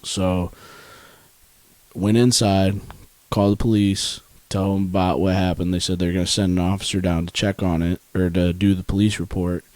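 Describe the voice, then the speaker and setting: A man's voice: sits low, flat delivery, moderate pace, a little mellow, no echo. Laid-back young man telling a story. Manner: laid-back, swears freely, laughs often. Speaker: podcast co-host. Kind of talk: casual storytelling.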